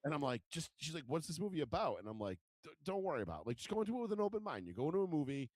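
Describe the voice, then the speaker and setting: A man co-hosting a podcast, chatting casually and crudely, telling animated stories full of swearing and acted-out voices. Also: fairly high pitch, very fast. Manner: animated storyteller, swears a lot, acts out voices. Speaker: podcast co-host.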